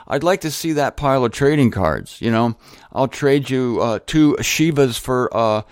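A man's voice: medium pitch, no room sound. Male show host, casual and joking monologue, dry close sound. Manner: chatty, joking asides.

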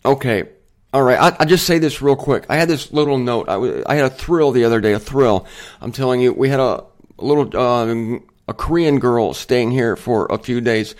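A man's voice: medium pitch, moderate pace. A man hosting a Bible teaching show, chatty and digressive, with self-deprecating humor and emphatic points. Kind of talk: casual Bible teaching monologue.

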